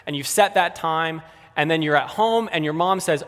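A man's voice: a little high, moderate pace, a bit bright, in a large hall. A man preaching a sermon in a conversational way, speaking directly to the kids and the adults in the congregation.

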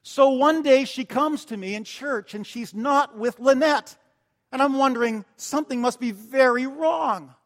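High-voiced male pastor in a reverberant hall. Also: a little slow. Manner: storytelling, swings between loud emphasis and soft tender asides. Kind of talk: sermon. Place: church sanctuary. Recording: long church-hall reverb.

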